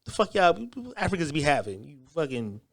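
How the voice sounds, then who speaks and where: A man riffs through profane reaction commentary, mocking what he watches and laughing often. His voice sits high and swings widely in pitch. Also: big pitch swings, fairly quick, creaky, a bit bright.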